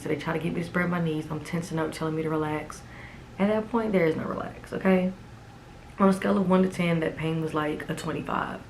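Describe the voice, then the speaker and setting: Low-voiced young woman telling her story. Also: level tone, brisk, slight background noise, poor audio. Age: 20s. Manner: casual and emphatic, with many "like"s and "okay?". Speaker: vlogger. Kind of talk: personal storytelling vlog.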